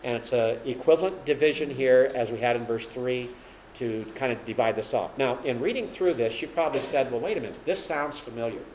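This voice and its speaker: A man's voice: medium pitch, fairly quick, darkish tone, echoey room, a little hiss or hum, rough recording. A man preaching an expository Bible lesson to a small group, explaining each point plainly and raising his voice for emphasis when he quotes scripture. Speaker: preacher teaching a Bible study.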